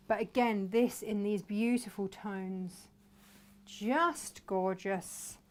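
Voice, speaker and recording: A woman hosting a casual chat about fabrics, gushing and chatty. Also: medium pitch. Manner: gushing, chatty, drops to whispers. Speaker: host.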